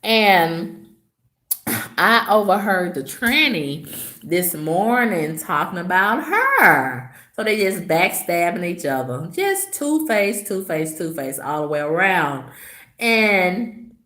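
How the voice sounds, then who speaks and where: A woman's voice: lowish voice, very animated, slow pace, bright, forceful tone, reverberant. A woman vlogger telling a story to her viewers in a sassy, gossipy way, her voice swooping up for emphasis. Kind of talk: casual vlog storytelling to viewers.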